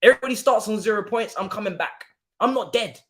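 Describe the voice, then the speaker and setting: A man's voice: high-pitched, fast talker. A man, hosting a football watchalong stream and ranting to mock the rival fans. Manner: animated, mocking rival fans.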